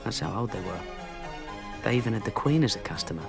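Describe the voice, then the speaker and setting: A man's voice: lowish voice, expressive, quick pace, creaky, music in the background. A young English man narrating his own story in a cocky, wry tone. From England. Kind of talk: film narration.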